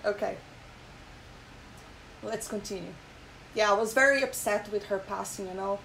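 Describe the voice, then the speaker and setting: A woman hosting her own channel, chatting emotionally in casual commentary with many fillers, pausing to read an article aloud. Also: mid-range voice, vocal fry, fairly bright tone, slight background noise, poor audio. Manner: emotional, frequent fillers and repeated "okay?". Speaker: channel host.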